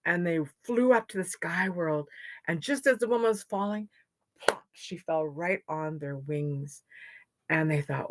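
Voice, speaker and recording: A Canadian woman, a storyteller and knowledge keeper, tells a traditional legend to an audience. Her deep voice moves at a normal pace with expressive, dramatic rises and falls, and the recording is dry.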